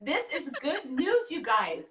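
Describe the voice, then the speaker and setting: A woman interviewer reacting in a gushing, expressive way and asking questions. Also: high-pitched, takes it slowly, crowd noise. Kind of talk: emotional interview chat. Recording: roomy sound from a distant mic.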